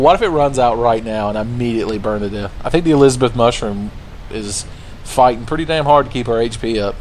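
A man's voice: medium pitch, a little fast, a little hiss or hum. A man hosting a let's play, giving crude, playful gameplay commentary full of swearing and jokes. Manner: crude joking, profane, playful.

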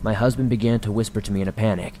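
Low-voiced male horror story narrator. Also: a little hiss or hum, rough recording. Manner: steady, measured storytelling.

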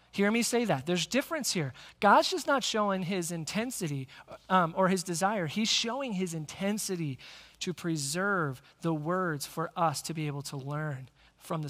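A male pastor preaching a sermon, energetic and speaking directly to the congregation in a church sanctuary. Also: high-pitched. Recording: long church hall reverb.

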